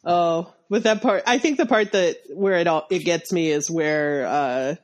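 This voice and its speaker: A congested woman co-hosting a casual podcast about a short story, talking on a close boom mic with a slight lisp and many laughs. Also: measured pace. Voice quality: slight lisp, spitty sibilants. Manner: chatty, laughs often, many restarts. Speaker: podcast co-host. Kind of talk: casual book discussion.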